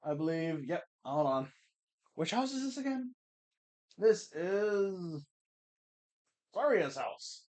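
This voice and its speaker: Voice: mid-range voice, very animated, slow, long pauses, darkish tone. A let's-play gamer chatting casually through a playthrough, wry and swearing now and then. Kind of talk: casual game commentary.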